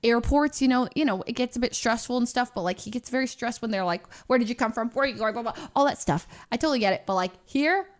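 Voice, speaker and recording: A woman's voice: a little high, fast, hardly any pauses. A woman streamer chatting casually as she reacts to her own vlog, rambling through a story with lots of fillers and restarts.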